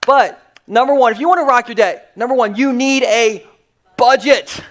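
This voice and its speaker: Joking, high-voiced male pastor. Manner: joking, energetic, quick asides. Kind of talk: humorous sermon. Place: church sanctuary before a congregation.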